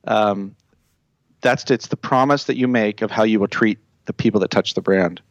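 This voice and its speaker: A man's voice: fairly low pitch, moderate pace, no echo, highs cut off. Brief: male consultant guest, casual podcast, confident, lays out points in order, dry close mic. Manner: confident, explains in lists.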